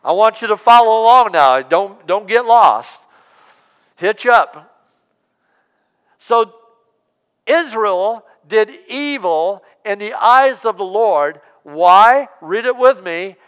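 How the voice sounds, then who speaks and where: A high-voiced man preaches from the pulpit, stretching out words slowly and calling on the congregation to say lines back with him. His voice is smooth and clear and rings through a reverberant church hall. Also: lively intonation, fairly bright tone. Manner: preaching with call-and-response, drawn-out emphasis. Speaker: pastor. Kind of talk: sermon. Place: church sanctuary.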